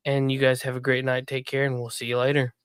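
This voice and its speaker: Smooth-voiced man hosting a podcast. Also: mid-range voice, monotone, fast, no room sound, clean studio sound. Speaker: podcast host. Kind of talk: casual podcast chat and sign-off.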